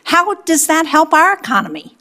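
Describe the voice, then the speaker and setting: An older woman questions an official at a hearing in a firm, pointed manner. Her voice sits a little high for a woman, and she keeps a steady, controlled tone as she presses her point. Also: normal speed.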